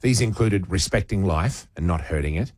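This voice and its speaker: Chatty radio host, low dry voice. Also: male voice, animated, moderate pace, a little mellow, no room sound. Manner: chatty, playful, wry asides. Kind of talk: casual on-air banter and reading a news story. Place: radio studio. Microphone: studio microphone.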